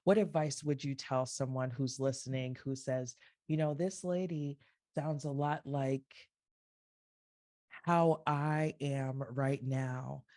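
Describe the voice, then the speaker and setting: Host, woman, very low voice, unhurried, mellow, affirming interviewer. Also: steady tone. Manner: affirming, drawn-out questions, frequent agreement. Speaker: podcast host. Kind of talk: podcast interview.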